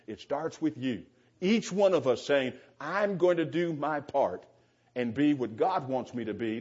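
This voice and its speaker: A man's voice: a little high, a little mellow. A man preaching a sermon to a congregation, earnest and emphatic, repeating and restarting phrases for stress. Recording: dull, lo-fi recording.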